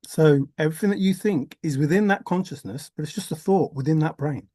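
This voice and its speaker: A man's voice: fairly high pitch, a little fast, dark tone, no room sound, clean studio sound. A man talking through a rambling vlog monologue, musing aloud, swearing casually and laughing to himself. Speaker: vlogger.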